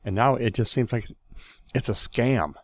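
A man's voice: medium pitch, moderate pace, no echo. A man hosting a casual discussion, blunt and opinionated.

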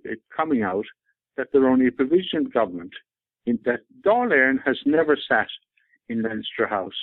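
An Irish man with a fairly low voice speaks insistently and at length, circling back to his points. His voice comes down a thin, tinny phone line. The sound is dry, with no room around it. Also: no echo. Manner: rambling, insistent, repeats himself. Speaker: interviewee.

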